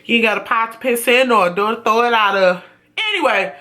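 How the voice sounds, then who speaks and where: A man giving a blunt, profane, animated ranting review on his vlog. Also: very high-pitched, brisk. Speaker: YouTube reviewer.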